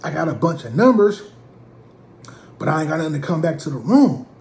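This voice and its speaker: Slangy, animated man telling a comic story. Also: a little high, a little fast, gravelly. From Portland, USA. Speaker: comedic storyteller. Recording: roomy with faint ambience.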